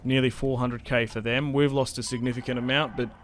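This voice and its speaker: A young man giving casual, chatty commentary while playing a strategy game, getting excited and laughing often. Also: mid-range voice, brisk, faint music behind. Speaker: gaming YouTuber.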